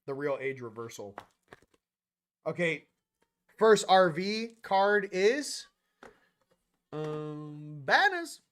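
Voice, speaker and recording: A man's voice: sits high, big pitch swings, takes it slowly, pauses often. A man hosting a casual spiritual chat show, rambling between topics in a slangy, offhand way. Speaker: host.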